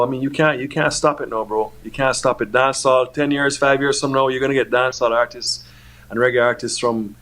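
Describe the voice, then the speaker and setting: A man from Jamaica talks through his answers in an easygoing, loose way. His voice sits at an ordinary middle pitch, and he keeps checking in with "you know what I mean" as he goes. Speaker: music producer guest. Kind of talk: casual interview answers.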